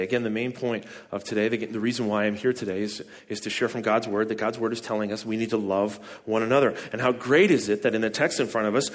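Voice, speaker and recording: A man preaching a sermon, emphatic and prone to repeating words and restarting, who climbs high and loud on key phrases.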